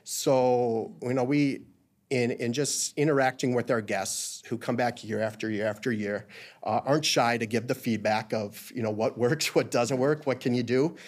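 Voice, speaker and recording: A man's voice: medium pitch, fairly even intonation, a little slow. A man who co-owns a photo studio, talking casually in an interview with many fillers and restarts. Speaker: business co-owner.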